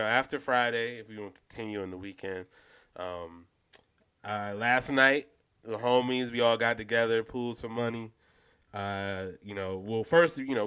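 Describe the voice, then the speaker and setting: A man with a lowish, bright and smooth voice, talking loosely like he's hanging out with friends. He rambles, drops slang, and keeps circling back with fillers. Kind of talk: casual chat.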